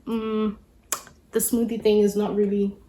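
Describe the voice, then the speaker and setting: A woman's voice: mid-range voice, flat delivery, unhurried, warm tone, slight background noise. A woman, a mother, chatting casually at home as she shows a grocery haul, rambling with many fillers and restarts. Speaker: mother and lifestyle vlogger.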